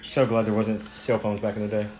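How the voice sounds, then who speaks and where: A man's voice: fairly low pitch, little pitch movement, quick pace, a little mellow. A sleepy man in loose, profane podcast banter. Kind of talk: casual podcast chat. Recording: noisy line with clicks.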